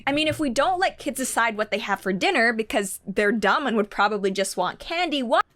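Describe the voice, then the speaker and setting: A woman making a measured, argumentative point as a political commentator in a played clip. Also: a little high, lively intonation, a bit bright, no room sound. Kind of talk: scripted commentary.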